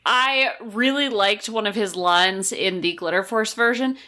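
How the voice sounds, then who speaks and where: Bright-voiced woman in playful podcast banter. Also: mid-range voice, unhurried. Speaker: podcast co-host. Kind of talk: casual chat.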